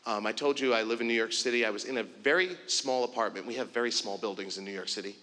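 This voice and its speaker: A man giving a keynote speech, telling a story in an animated way and acting out the dialogue. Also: fairly low pitch, quick pace. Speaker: keynote speaker. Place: conference stage in a large hall. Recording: long hall reverb.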